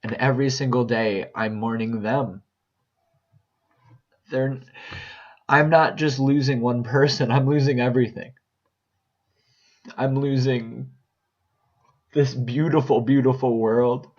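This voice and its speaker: Slow, earnest man on a dull recording. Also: mid-range voice, steady tone, a little mellow. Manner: earnest, halting, repeats phrases as he searches for words. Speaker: vlogger sharing a personal update. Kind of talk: reflective personal monologue.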